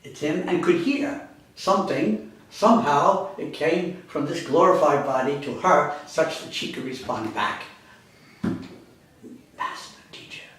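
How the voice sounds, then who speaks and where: Male lecturer, slightly high voice, meandering delivery, distant mic in a very echoey room. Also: expressive, measured pace, a bit bright. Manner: rambling, self-correcting, conversational. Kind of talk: university lecture. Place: classroom. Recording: echoey classroom, speaker far from mic.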